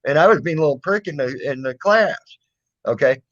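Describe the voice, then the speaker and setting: Man, raised pitch, rambling profane storytelling, dull lo-fi sound. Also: animated, a little fast. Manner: rambling, profane, many fillers and restarts. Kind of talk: casual storytelling. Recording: dull lo-fi recording.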